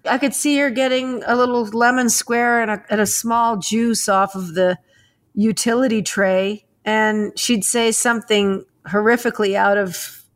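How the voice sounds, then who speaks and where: A woman co-hosts a casual podcast in a voice that sits a little high. She talks bluntly, swears freely and laughs along with her guest. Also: steady tone, measured pace. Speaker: podcast co-host.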